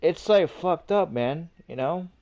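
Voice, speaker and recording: Male streamer host, mellow tone, rambling and repetitive, swears a lot. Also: a little high, animated, unhurried. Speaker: livestream host. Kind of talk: casual livestream rant.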